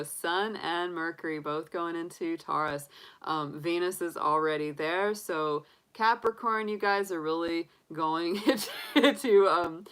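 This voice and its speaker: A woman's voice: deep voice, fairly bright tone, smooth, low-quality recording. A woman giving a casual, upbeat tarot reading on a livestream, chatty and full of fillers. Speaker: tarot reader.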